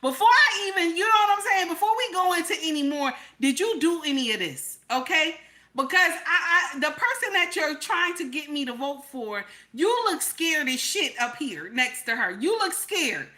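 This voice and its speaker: A woman's voice: sits high, animated, moderate pace, sharp tone. A woman giving casual reaction commentary, repeating herself with rhetorical questions and exclamations. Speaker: commentary vlogger.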